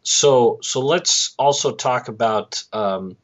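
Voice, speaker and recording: A man's voice: mid-range voice, slow. A man with a Boston accent co-hosting a casual sports podcast, joking and wry. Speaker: podcast co-host. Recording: dull lo-fi audio.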